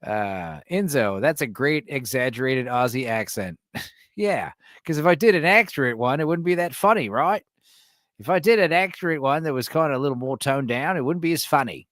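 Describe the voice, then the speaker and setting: A man's voice: medium pitch, animated, normal speed, fairly bright tone, no room sound, clean studio sound. Rambling, profane male stream host. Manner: rambling, profane, laughs often. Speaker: livestream host reading chat. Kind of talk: casual late-night stream chat.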